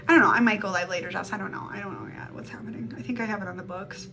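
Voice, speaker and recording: Rapid-fire and medium-pitched, a woman rambles through a casual psychic reading on a live stream, talking into a phone mic. She's blunt and swears a lot. Background music plays throughout.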